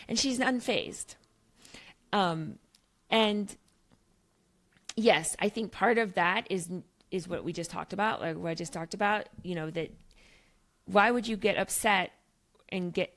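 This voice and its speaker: A woman's voice: lowish voice, fairly bright tone. A middle-aged woman, a guest author on a podcast, talking through her ideas animatedly, with frequent restarts and tag questions. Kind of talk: podcast conversation.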